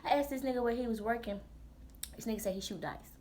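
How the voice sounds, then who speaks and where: A woman in her twenties, a vlogger telling a storytime in a blunt, profane, animated way full of slang. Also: a little high, fast. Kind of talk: storytime vlog.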